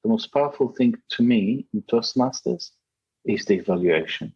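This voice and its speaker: A man's voice: mid-range voice, expressive, moderate pace, darkish tone, slightly rough, lo-fi sound. Emphatic non-native English-speaking man. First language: not English. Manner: emphatic, repeats key phrases. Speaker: guest, speaking contest runner-up. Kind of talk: podcast interview.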